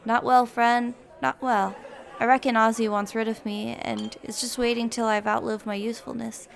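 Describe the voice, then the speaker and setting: A woman's voice: on the high side, level tone, moderate pace, creaky. A woman reading the lines of a weary, glum male caretaker in a gamebook. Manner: glum, resigned.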